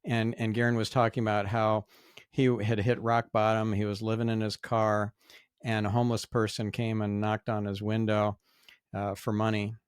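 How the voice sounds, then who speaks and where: A man hosting a podcast, speaking in a reflective, measured way as he responds to his guest. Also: fairly low pitch, flat delivery, clean tone, no room sound, clean studio sound. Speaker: podcast host. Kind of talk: interview conversation.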